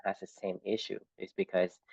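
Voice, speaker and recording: A man's voice: low voice, little pitch movement, moderate pace, creaky, darkish tone, breathy edge, no room sound, lo-fi sound. A man co-hosting a podcast in casual chat, talking reflectively and tying his points back with "you know" and "right". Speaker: podcast co-host.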